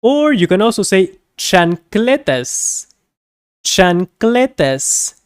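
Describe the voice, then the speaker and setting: A woman teaching a beginner Spanish lesson, repeating each word slowly and carefully, with light laughs as she explains. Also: medium pitch, very animated, darkish tone, no echo, clean studio sound. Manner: slow, careful repetition of words.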